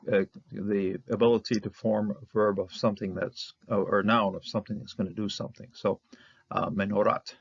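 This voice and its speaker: A man with a low, gravelly voice teaches biblical Hebrew grammar, halting with fillers and restarts. The recording is dull and lo-fi, with a dry, close sound. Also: dry recording. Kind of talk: Bible language lesson.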